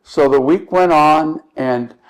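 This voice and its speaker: A middle-aged man, a street evangelist, telling a personal testimony in an earnest, halting way with many restarts. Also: a little high, poor audio.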